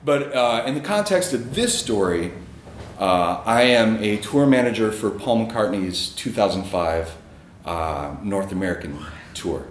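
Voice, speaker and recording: A man's voice: lowish voice, expressive, a little slow, reverberant, a little hiss or hum. A man telling a personal story on stage in a casual, chuckling way, with many fillers.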